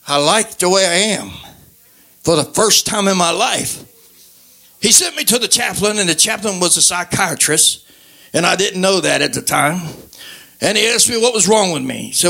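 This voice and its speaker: An older man shares his church testimony in a high, gravelly, bright voice. He talks with folksy grammar and breaks into loud, fervent outbursts. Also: expressive, moderate pace. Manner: fervent, emotional preaching delivery with loud outbursts. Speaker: guest giving testimony.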